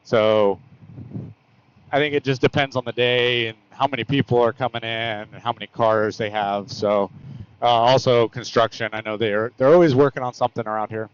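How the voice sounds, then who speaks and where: A man's voice: mid-range voice, steady tone, normal speed, clear, resonant tone, dull audio. A man chatting casually while riding a motorcycle, rambling and correcting himself with plenty of fillers. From United States. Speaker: motorcycle vlogger. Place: on a motorcycle on open roads.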